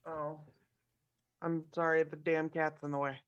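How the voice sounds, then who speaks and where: Slow, hesitant tabletop player on a dull lo-fi call line. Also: medium pitch, little pitch movement, smooth. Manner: hesitant, distracted. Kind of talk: tabletop game play over a call.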